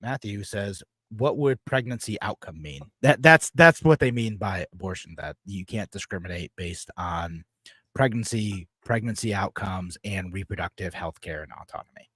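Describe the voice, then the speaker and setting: Low-voiced man explaining law, dry mic. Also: animated, normal speed, fairly bright tone, breathy edge, dry recording. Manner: explanatory, reads legal text aloud. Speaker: co-host. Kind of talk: casual political discussion.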